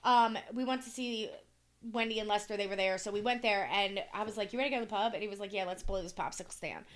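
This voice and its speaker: A woman's voice: medium pitch, fast talker. A woman co-hosting a podcast, chatting casually, telling stories bluntly and laughing often. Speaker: podcast co-host. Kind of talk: casual chat.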